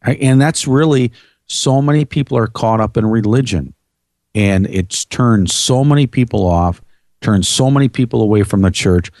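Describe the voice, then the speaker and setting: A man's voice: mid-range voice, moderate pace, a little mellow, no room sound, studio quality. A middle-aged male host in a casual faith talk, answering his guest with short affirmations. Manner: brief affirming interjections.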